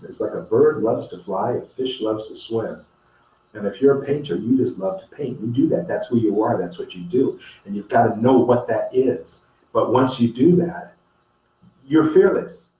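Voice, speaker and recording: A man's voice: medium pitch, a little mellow. A man telling a personal story and giving a motivational talk, earnest and rambling, with many fillers and restarts. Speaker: host. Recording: echoey room, distant from the mic.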